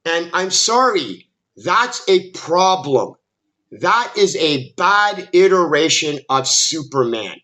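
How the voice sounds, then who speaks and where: A man's voice: high-pitched, bright, forceful tone. A man giving an exasperated, emphatic movie critique monologue, often restarting his sentences as he rants. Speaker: film commentary YouTuber.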